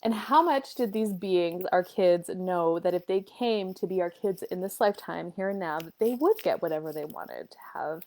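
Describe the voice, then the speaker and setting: Woman in her thirties, casual parenting talk, lively storyteller voice, acts out dialogue. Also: lowish voice, moderate pace, few pauses. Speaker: host and life coach.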